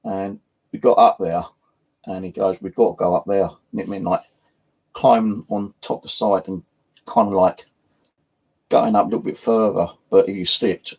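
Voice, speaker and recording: Give me a husky man as host, telling a long casual anecdote. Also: low-pitched, darkish tone, rough recording. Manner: rambling, swears freely, laughs between. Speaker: channel host. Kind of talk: casual storytelling.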